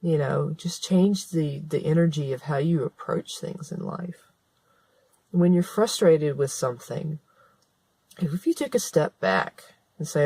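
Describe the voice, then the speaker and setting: An author and vlogger with a deep, mellow, husky voice talks to camera at a measured pace, expressively. Her spoken-word monologue is earnest and conversational, with sentences restarted and points repeated for emphasis.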